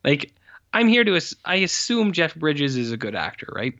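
A man's voice: on the high side, very animated, moderate pace, sharp tone. A man co-hosting a casual film review chat, blunt and scornful, swearing freely. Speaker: podcast co-host. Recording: dull lo-fi sound.

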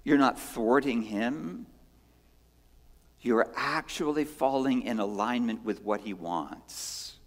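A pastor preaching a sermon in an earnest way, moving between strong emphasis and hushed lines and asking rhetorical questions. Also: male voice, medium pitch, slow. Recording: long hall reverb.

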